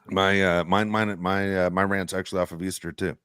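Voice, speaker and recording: Brief: low-pitched male podcast co-host, heated profane rant, dry sound. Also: little pitch movement, a little fast, a bit bright, clear, resonant tone, no room sound. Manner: heated, profane, repeats "dude".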